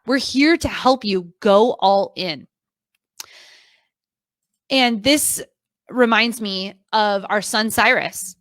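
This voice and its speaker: An earnest woman in her thirties gives a motivational talk to an online audience, coaching and repeating her key lines for emphasis. Her voice sits on the higher side and is recorded close and dry, with no room sound. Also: a bit bright, dry recording. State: emotional, near tears at times.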